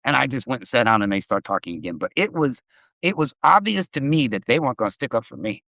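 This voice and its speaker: Animated, profane middle-aged man storyteller. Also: medium pitch, quick pace, gravelly, dry recording. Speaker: live stream host. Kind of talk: casual storytelling chat.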